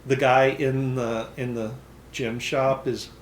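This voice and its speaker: A man running a tabletop game as its game master. He narrates in a relaxed way at a middle pitch, often pausing with ums. The recording has a roomy echo. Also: a little hiss or hum.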